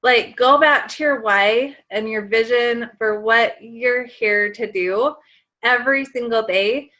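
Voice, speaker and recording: A team leader in her thirties, running a motivational sales call, speaks slowly in a fairly high, sharp voice, chatty with heaps of fillers and sometimes tearful with emotion. The recording is muffled.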